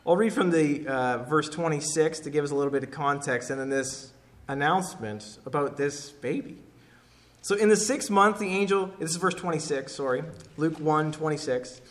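An emphatic male pastor delivering a sermon, hammering points home by repeating them. His voice sits a touch higher than most men's. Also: moderate pace. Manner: emphatic, repeats key phrases.

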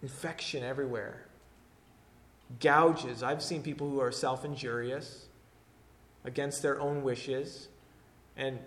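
A man preaching a sermon, moving between hushed, intimate lines and loud, forceful declarations. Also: mid-range voice. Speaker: pastor.

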